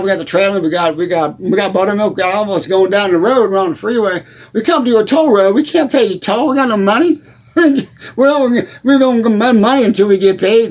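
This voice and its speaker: A man's voice: high-pitched, a little mellow. A man doing a giggly, forgetful Texan hick. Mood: rambling. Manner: rambling, giggly, loses his train of thought. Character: rambling forgetful country musician, middle-aged man. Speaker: comedy character host. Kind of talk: improvised comedy monologue.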